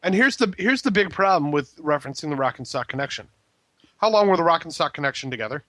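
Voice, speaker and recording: A man's voice: a little high, expressive, quick pace, fairly bright tone, dry recording. A man co-hosting a podcast, talking casually with stops and restarts. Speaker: podcast co-host.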